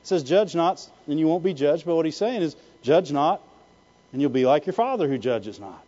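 A man's voice: fairly high pitch, animated, moderate pace, mellow, highs cut off. A man preaching a sermon, asking the congregation "Amen?" and "Why?" again and again. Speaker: pastor.

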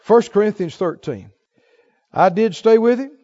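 Male pastor, middle-aged, high voice, sermon delivery, slightly muffled dry recording. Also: expressive, measured pace, no room sound. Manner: emotional storytelling, rising to forceful exhortation.

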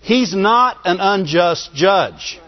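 High-voiced preacher asking "Amen?". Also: male voice, lively intonation, takes it slowly. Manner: asks the congregation for call-and-response "Amen?"; repeats phrases for emphasis and chuckles between points. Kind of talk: sermon. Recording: dull lo-fi sermon recording.

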